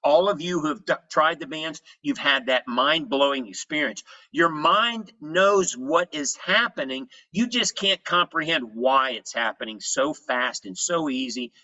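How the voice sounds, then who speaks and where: A man giving an energetic health presentation, telling his story in short punchy phrases. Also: fairly high pitch, unhurried, hardly any pauses, lo-fi sound.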